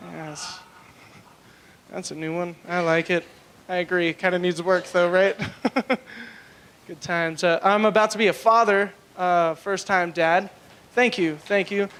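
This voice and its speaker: A young man works through a crude stand-up set on a club stage, his voice pitched high. He rambles and leans hard on filler words between punchlines. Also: a bit bright. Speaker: stand-up comedian. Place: comedy club stage, live.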